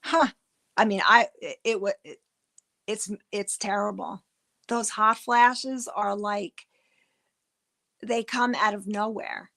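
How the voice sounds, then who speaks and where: A woman's voice: medium pitch, fairly even intonation, takes it slowly, gravelly, long pauses, fairly bright tone. A middle-aged woman hosting a livestream, chatting casually with her viewers in a rambling way and often restarting her words. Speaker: livestream host. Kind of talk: casual livestream chat with chat readers.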